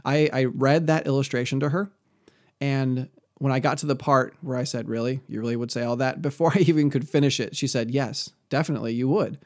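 A man's voice: medium pitch, fairly even intonation, a little fast, darkish tone. A man giving an earnest, conversational Christian teaching on parenting, often quoting scripture. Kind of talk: earnest religious teaching talk.

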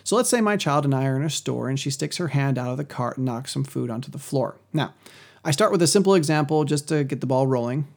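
A man hosting a podcast, giving a measured, scripted teaching on Christian parenting. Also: medium pitch, expressive, gravelly, darkish tone. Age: adult parent.

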